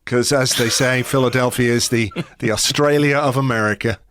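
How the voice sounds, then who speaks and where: A man's voice: mid-range voice, steady tone, normal speed, a bit bright, no echo, studio quality. A man hosting a football podcast, chatting casually and joking with laughs. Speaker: podcast host.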